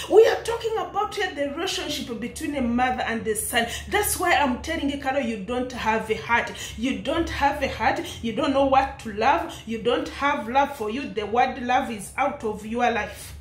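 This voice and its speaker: Indignant laughing woman in an echoey room. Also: sits high. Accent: East African English. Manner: indignant, laughing, rhetorical questions. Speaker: commentary vlogger. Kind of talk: ranting commentary to camera.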